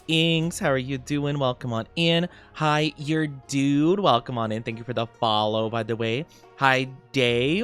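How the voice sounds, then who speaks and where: A man's voice: on the high side, a bit bright. A young man chatting casually on a live stream, upbeat and giggly as he greets his chat.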